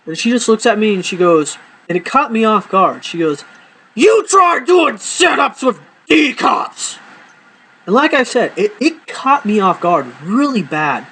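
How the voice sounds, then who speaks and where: A man casually telling profane, animated stories from his life to camera, acting out the people in them. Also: sits high, normal speed, hardly any pauses, a little hiss or hum, low-quality recording.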